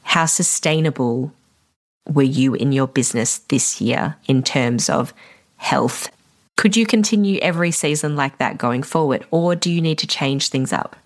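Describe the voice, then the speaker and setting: A woman's voice: a bass voice, a little slow. A woman, a wedding photographer hosting a solo podcast, talking reflectively and encouragingly to fellow vendors. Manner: reflective, encouraging, a little emotional at times.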